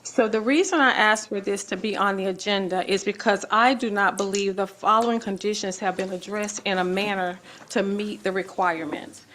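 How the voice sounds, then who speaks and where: A woman city commissioner speaking deliberately at a public meeting, reading out items and making a formal motion. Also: mid-range voice, fairly bright tone, slight background noise. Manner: measured, deliberate, reads out items.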